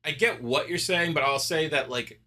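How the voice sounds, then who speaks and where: A man's voice: on the high side, moderate pace, bright, forceful tone. A man co-hosting a casual podcast chat, explaining and correcting points. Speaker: podcast co-host.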